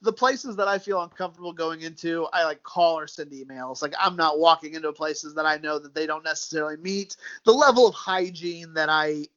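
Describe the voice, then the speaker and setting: A man from the United States with a Midwestern accent chats loosely as a podcast guest, repeating words and calling his host "dude" and "man." His voice is a little high and fairly bright, moving a little fast with few pauses, and the audio is dull.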